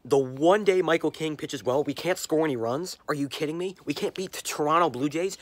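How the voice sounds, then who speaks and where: A young sports-fan vlogger rants furiously into a handheld camera, repeating himself and tripping over words. His voice sits fairly high and moves briskly.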